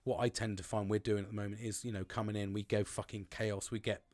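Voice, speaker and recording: A man's voice: fairly low pitch, level tone, fast, darkish tone. A man talking in a rambling, casual monologue, swearing often and calling people "mate".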